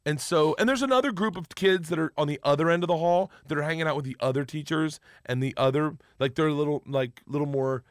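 A man telling a long story in casual chat, animated and profane, acting out the other people's lines. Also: a little high, fast talker, few pauses, clear, resonant tone, no echo, studio quality. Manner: animated, profane, acts out quotes. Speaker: guest storyteller.

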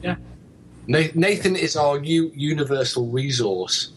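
A man's voice: fairly high pitch, unhurried, a little hiss or hum. A man hosting a podcast in casual banter, playful and teasing with his co-hosts. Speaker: podcast host.

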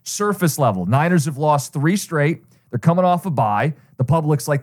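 A man's voice: a little high, expressive, moderate pace, darkish tone. Teasing, laughing sports betting co-host man. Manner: teasing, laughs often, lays out picks methodically. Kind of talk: casual sports betting banter.

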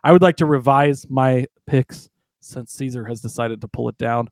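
A man co-hosting a sports betting podcast, talking in a relaxed, conversational way. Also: mid-range voice, normal speed, dry recording. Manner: relaxed, conversational, chuckles often. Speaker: podcast co-host. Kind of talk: casual sports betting chat.

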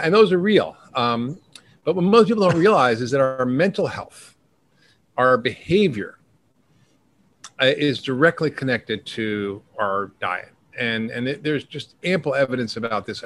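Middle-aged male doctor guest, mid-pitched, brisk list-rattling delivery. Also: a bit bright. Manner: brisk, rattles off long lists. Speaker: functional medicine doctor, guest. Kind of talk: podcast interview.

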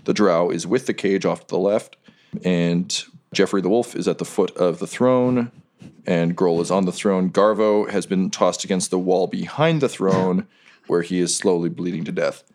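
A man's voice: low-pitched, normal speed, darkish tone. A man narrating as game master of a tabletop game, describing scenes and often laughing.

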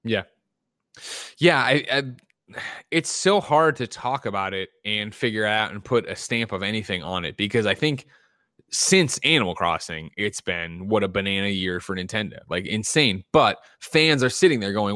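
A man hosting a casual gaming news podcast, talking in an animated way with frequent restarts and reading out listener letters. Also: on the low side, moderate pace, no echo, studio quality. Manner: animated, restarts often, reads listener mail. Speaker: podcast host.

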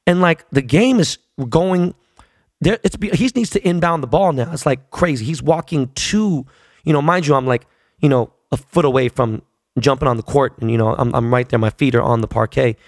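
A man's voice: mid-range voice, moderate pace, no room sound, studio quality. A man in his forties telling a long, profane story in a casual, rambling way, full of fillers. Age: 40s.

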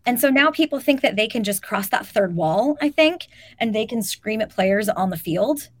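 A woman's voice: a little high, expressive, normal speed, no room sound. A woman co-hosting a casual sports talk show, speaking emphatically and peppering her points with "like". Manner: emphatic, talks with filler "like". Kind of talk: casual opinionated chat.

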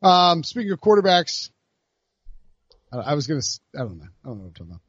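A man co-hosting a sports podcast in casual chat, rambling and animated with many restarts. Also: a little high, fast, slightly rough, no echo, highs cut off. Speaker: podcast co-host.

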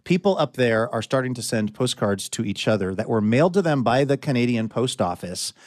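A man's voice: medium pitch, lively intonation, fairly quick, no echo, clean studio sound. A man hosting a radio show in casual chat, friendly and conversational as he guides the segment.

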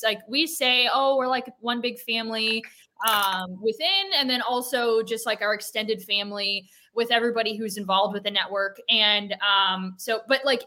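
A woman's voice: on the high side, pushed and bright. A woman co-hosting a podcast, chatting casually and telling a story about her co-host. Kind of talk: casual chat.

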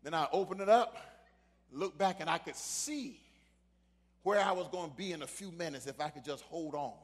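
A high, bright male preacher with a husky, gravelly edge, swinging between fiery shouting and hushed storytelling. His voice rings out in a large hall with a long echo. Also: moderate pace. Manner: shouting preacher who drops to a quiet storytelling voice. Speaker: pastor. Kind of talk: sermon.

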